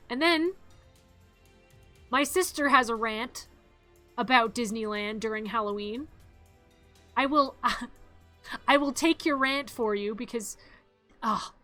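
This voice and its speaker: A woman streaming a casual rant, her voice high and bright as she swings between exasperation and laughter. The sound is close and dry, with a soft bed of music underneath. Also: slow, long pauses, no room sound.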